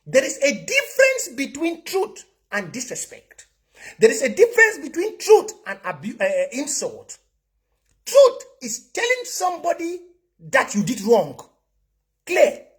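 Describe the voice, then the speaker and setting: An online political commentator with a Cameroonian accent delivers an impassioned, preachy livestream monologue, slipping into Pidgin and repeating his points. His voice is extremely high and fairly bright, with huge pitch swings and an unhurried pace.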